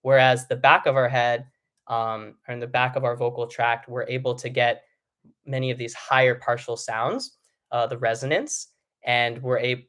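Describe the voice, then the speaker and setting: A man's voice: medium pitch, fairly even intonation, moderate pace, fairly bright tone. A man coaching singers on a live stream, talking in a mid-range voice. His explanations wander a little, full of ums, restarts and asides. The delivery is casual and unscripted. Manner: loose explanatory talk with many ums and restarts. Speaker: vocal coach. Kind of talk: live-streamed singing lesson.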